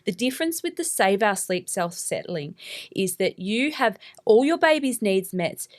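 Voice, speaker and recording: A woman co-hosting a casual podcast, agreeable and chatty, with many short affirmations and some halting restarts. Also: mid-range voice, very animated. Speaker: podcast co-host.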